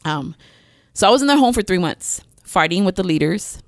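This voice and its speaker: A woman telling her life story as a podcast guest, speaking candidly and pausing often with "um.". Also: on the low side, animated, no echo, clean studio sound. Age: adult mother with several children. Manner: candid, frequent "um" pauses, acts out her past self. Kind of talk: personal testimony in a podcast interview.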